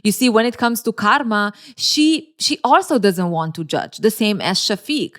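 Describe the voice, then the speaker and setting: A woman hosting casual relationship commentary, speaking at a medium pitch. She teases and jokes sarcastically and laughs often. Her delivery is animated and full of playful asides. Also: normal speed.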